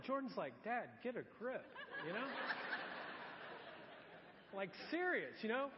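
A middle-aged man preaching a sermon as pastor, telling stories and acting out voices. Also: very high voice. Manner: animated storytelling with acted-out voices. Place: church. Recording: dull sound in a long-reverb church hall.

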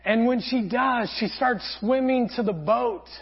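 A man preaching a sermon as pastor, telling a parable earnestly with frequent pauses. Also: extremely high pitch, husky. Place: church sanctuary. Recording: dull lo-fi sound.

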